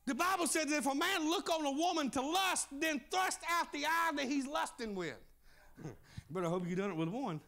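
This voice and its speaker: A pastor preaching a fiery revival sermon in a church service, shouting and sing-song, punctuating phrases with "uh". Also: male voice, very high voice, animated, normal speed, vocal fry.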